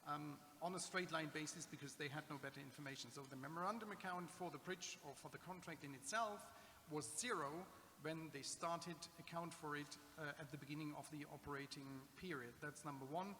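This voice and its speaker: A man whose first language is German, answering questions at a conference panel, halting with many fillers and restarts. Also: on the high side, pushed and bright. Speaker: conference speaker on public-sector accounting. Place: conference hall. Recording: reverberant hall with faint noise.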